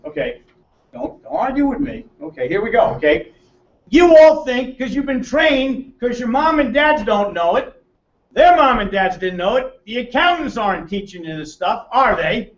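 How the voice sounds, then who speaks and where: A brash American man with a high voice, running a seminar and ribbing the audience with questions. He sounds far from the microphone in a roomy meeting room, and the recording is dull. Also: sing-song, moderate pace. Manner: brash, joking, quizzes the room. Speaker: seminar presenter. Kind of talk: teasing seminar talk to a live audience.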